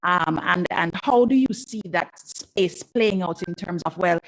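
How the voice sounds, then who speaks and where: A woman's voice: lowish voice, a little slow, few pauses, low-quality recording. A woman hosting a panel discussion, asking questions conversationally with frequent restarts. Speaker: host.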